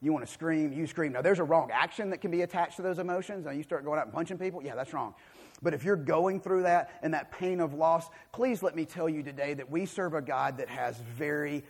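Guy preaching, gravelly husky voice, gets loud then drops real quiet. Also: fairly quick. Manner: animated, swings from loud emphatic to quiet and low. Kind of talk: sermon.

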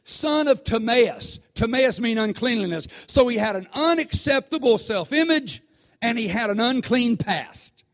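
A man preaching a sermon, talking conversationally to the congregation and swelling into shouts. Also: extremely high pitch, expressive, a little slow. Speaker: pastor.

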